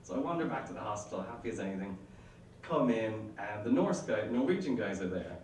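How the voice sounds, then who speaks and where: A man's voice: fairly low pitch, sing-song, a little fast, a little mellow, echoey room, far from the mic, a little hiss or hum, poor audio. A man telling a true personal story on stage, chatty and self-mocking, laughing between lines. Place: stage before a live audience.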